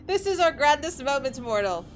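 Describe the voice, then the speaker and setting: A woman's voice: sits high, big pitch swings, moderate pace, a little hiss or hum. A solemn ancient deity, read by a woman. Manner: formal, archaic phrasing. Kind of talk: reading game dialogue aloud.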